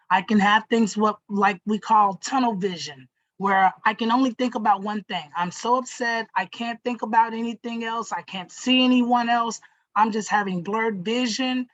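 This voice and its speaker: A young adult woman teacher giving a gentle lesson to children, encouraging them and often checking in with "right?" and "okay?". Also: on the high side, no echo, poor audio.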